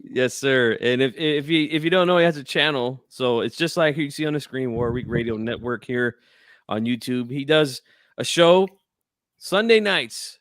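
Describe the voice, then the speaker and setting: A man hosting a live boxing call-in show, chatting in a relaxed, friendly way. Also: mid-range voice, normal speed, no echo, studio quality. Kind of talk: casual live-stream chat.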